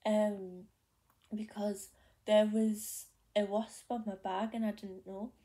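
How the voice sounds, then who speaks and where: A young vlogger from North East England, speaking with a Geordie accent, tells the camera a story in casual chat. Her voice is medium-pitched and dark with a level tone, and she goes slowly, rambling with lots of fillers and restarts.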